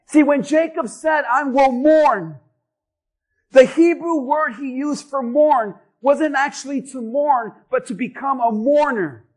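A man's voice: very high-pitched, unhurried, hardly any pauses, rough recording. A male pastor delivering an emphatic sermon, driving points home through repetition.

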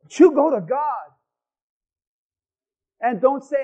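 Pastor, man, very high voice, fiery sermon with sudden drops to quiet, muffled lo-fi sound. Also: expressive, slow pace, long pauses. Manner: swings from loud shouting to quiet asides. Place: church hall with congregation.

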